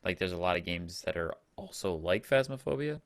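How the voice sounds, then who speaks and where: A man with a very deep voice co-hosting a gaming podcast. He talks in a relaxed way and explains things at an easy pace in casual chat. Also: a little fast, no room sound. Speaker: podcast co-host.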